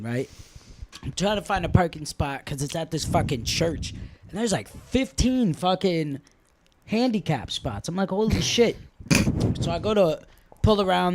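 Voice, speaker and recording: High-voiced man telling a profane story. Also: slight background noise. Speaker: podcast host. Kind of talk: casual chat, storytelling.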